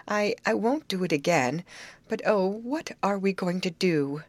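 A woman's voice: mid-range voice, animated, a little slow, no echo, voice pushed up. A woman reading aloud and voicing a young woman who is easily upset and stammers through her tears. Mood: tearful. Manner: sobbing, stammering.

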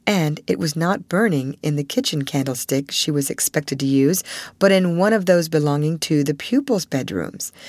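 A woman narrating a classic novel aloud with an expressive storytelling cadence. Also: sits low, no echo. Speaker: audiobook narrator.

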